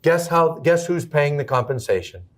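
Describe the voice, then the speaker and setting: A fired-up male host who talks bluntly and with emphasis, at a slightly higher pitch than most men. He leans hard into his points in a casual interview conversation and curses freely. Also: expressive, normal speed. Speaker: host, brokerage owner.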